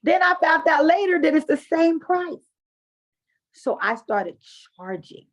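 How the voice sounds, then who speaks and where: Woman, coaching host, animated, chatty, fillers, fairly high voice, dull lo-fi call audio. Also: unhurried. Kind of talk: coaching talk and personal storytelling. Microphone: online call audio.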